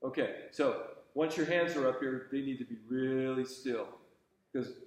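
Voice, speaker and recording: A man's voice: mid-range voice, moderate pace. A man teaching conducting to a student, patient and encouraging, thinking aloud with fillers and restarts. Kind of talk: coaching a student in a class. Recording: very echoey room.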